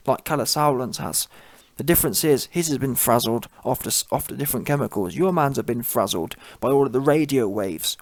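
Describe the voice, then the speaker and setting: A man's voice: a little high, no echo. A man giving a blunt, mocking opinion monologue as a channel host, laughing at his own points.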